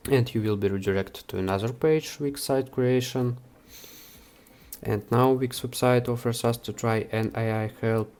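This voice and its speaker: A man hosting a software how-to, talking the viewer through each step with frequent hesitations. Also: mid-range voice. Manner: unhurried, with frequent "uh" fillers. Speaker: software tutorial host. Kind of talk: screen-recorded how-to walkthrough.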